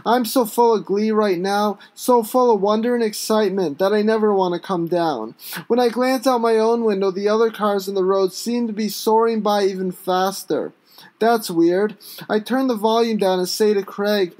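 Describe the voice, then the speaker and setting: A man reading his own first-person story aloud, with an intense, raw delivery that breaks into sudden shouts. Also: high-pitched, moderate pace.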